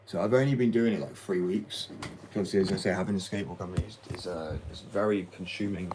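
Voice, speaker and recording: A man's voice: deep voice, fast talker, a little mellow, a little hiss or hum, low-quality recording. A young man chatting casually in an interview about skating and his tattoo art, rambling with lots of "like" fillers and blunt swearing. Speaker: skateboard company owner and hobby tattoo artist.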